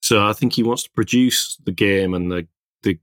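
A man's voice: lowish voice, normal speed, fairly bright tone, dry recording, studio quality. A man co-hosting a podcast, chatting casually and rambling through stories with lots of self-corrections. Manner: rambling, self-interrupting storyteller. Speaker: podcast co-host, illustrator. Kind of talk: casual chat.

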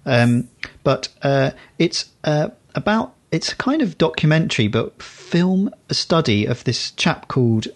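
A man's voice: a little high, big pitch swings, unhurried, few pauses. A man co-hosting a podcast, chatting casually and rambling, often breaking off to correct himself. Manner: rambling, self-correcting storyteller. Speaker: podcast co-host. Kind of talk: casual chat.

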